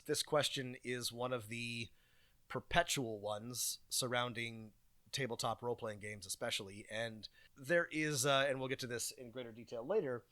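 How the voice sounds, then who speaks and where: A man's voice: medium pitch, normal speed, bright, forceful tone, no echo. A man co-hosting a podcast in casual chat, rambling and hesitant with many ums and restarts. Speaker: podcast co-host.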